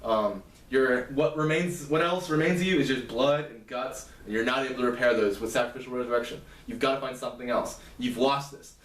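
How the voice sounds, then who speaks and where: A man's voice: mid-range voice, a little fast, hardly any pauses, lightly acted. A man reading the lines of a ruthless, mocking young woman in a story he retells, in a plain quoting voice. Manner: plain read-aloud quoting. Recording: roomy, distant mic.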